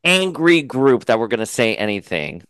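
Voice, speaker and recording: A man interviewing an actress in a chatty, casual way, laughing easily and jumping in with quick remarks. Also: mid-range voice, sing-song, fairly bright tone, smooth, no room sound.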